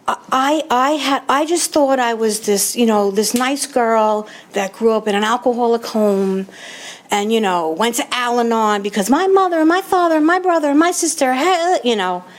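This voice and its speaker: A woman in her fifties or older from New York, giving a candid, self-mocking personal testimony as a recovery meeting speaker. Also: on the high side.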